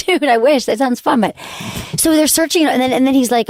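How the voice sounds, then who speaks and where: A woman hosting a podcast, telling a story in animated, casual chat full of "like" fillers. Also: high voice, normal speed, dry recording, clean studio sound. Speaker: host.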